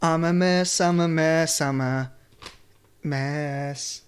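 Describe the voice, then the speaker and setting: An Australian man running a casual podcast chat, his voice sitting a little high. He talks loosely and swears freely, joking around as he introduces the show. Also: fairly even intonation, takes it slowly, clear, resonant tone. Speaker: podcast co-host.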